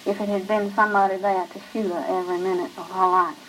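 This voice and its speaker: A woman reading the lines of a cold, brooding male outlaw, in a flat, grim rural drawl. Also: medium pitch, quick pace, slight background noise, lightly acted, poor audio.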